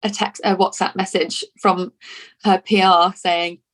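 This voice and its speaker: A woman's voice: mid-range voice, flat delivery, unhurried, fairly bright tone. A woman from Lincoln in England, an actress talking in a casual interview, chatty and full of restarts and repeated words. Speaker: actor being interviewed.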